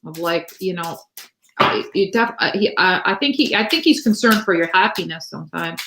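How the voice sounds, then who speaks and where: A woman reads tarot cards live for her viewers and talks in a loose, rambling way, with plenty of fillers and restarts. Her voice sits at an ordinary middle pitch. The room around her gives the sound a clear echo. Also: expressive, normal speed, background noise. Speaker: tarot reader. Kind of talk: live-stream tarot reading.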